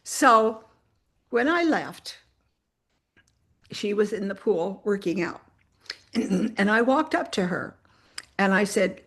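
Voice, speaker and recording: A woman's voice: medium pitch, slow, pauses often. A woman, a church missionary, sharing a personal testimony story in an earnest way and speaking straight to her listeners. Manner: earnest, addresses listeners directly as "you guys"; animated retelling with spirited voiced quotes.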